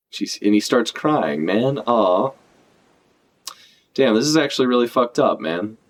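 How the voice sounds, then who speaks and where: Animated, low-voiced man reacting live. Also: moderate pace. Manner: animated, swears casually, talks over the panels. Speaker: streamer reacting to a comic.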